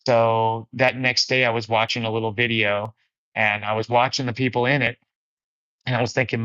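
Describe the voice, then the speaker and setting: A bright, forceful man's voice gives a casual spiritual talk on a livestream. His delivery is earnest and laid back, and he often drops in "man" and "dude." The sound is dry and a little dull. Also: medium pitch, level tone, moderate pace, no room sound. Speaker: livestream host of a faith fellowship. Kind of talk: casual spiritual talk, reading viewer comments.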